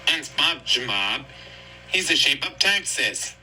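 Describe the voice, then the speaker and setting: A man's voice: medium pitch, animated, takes it slowly, low-quality recording. A man casually retelling a cartoon episode in a rambling, repetitive way. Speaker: storyteller.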